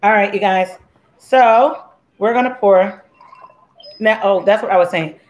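Her voice sits at medium pitch and she takes her time. She hosts a casual cooking live stream from her home kitchen, chatting and joking and greeting viewers by name while she mixes a drink.

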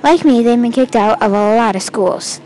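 A woman with a fairly high voice reads her own first-person fantasy tale aloud. She stumbles and starts lines over now and then. A faint hiss runs underneath. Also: a little mellow, rough recording. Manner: halting, with restarts and stumbles; first-person storytelling with quoted lines read in the same voice. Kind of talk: amateur reading of her own fantasy story.

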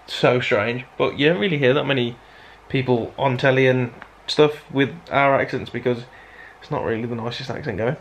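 A man's voice: mid-range voice, normal speed, hardly any pauses, slight background noise. Chatty Black Country vlogger man. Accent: Black Country (Dudley). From Black Country, England. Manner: rambling, chatty, self-deprecating. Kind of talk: casual vlog chat to camera.

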